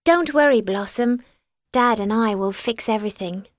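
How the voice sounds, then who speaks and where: A woman voicing a kind, reassuring mother who speaks gently and encouragingly. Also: on the high side, moderate pace, natural voice.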